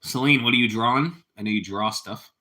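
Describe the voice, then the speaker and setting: A man's voice: mid-range voice, brisk, pushed and bright. A man hosting a casual live stream, rambling easily as he chats with viewers and his cat. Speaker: livestream host.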